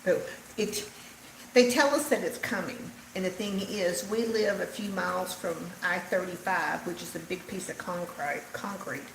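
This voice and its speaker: An older woman with a Texan Southern drawl cooks at home while hosting a casual livestream, chatting and replying to viewer comments. Her voice is fairly low and creaky at a normal pace, with a roomy sound and a little hiss or hum.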